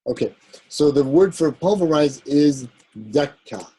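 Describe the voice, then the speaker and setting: Husky-voiced man teaching grammar. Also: on the high side, expressive, warm tone, poor audio. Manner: explanatory, checks in with "right?"; halting, with fillers and self-corrections. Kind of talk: classroom lecture.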